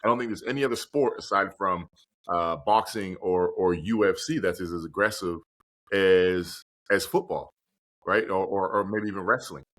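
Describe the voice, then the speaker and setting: A man's voice: deep voice, normal speed, a bit bright. A man speaking earnestly and reflectively as a podcast guest and motivational speaker. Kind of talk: conversational interview.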